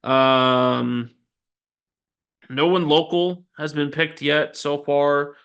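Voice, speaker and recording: Unhurried, smooth-voiced man hosting a podcast. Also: fairly high pitch, steady tone, fairly bright tone, lo-fi sound. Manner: chatty and self-deprecating, frequent ums and asides. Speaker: podcast host. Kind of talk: casual sports news roundup.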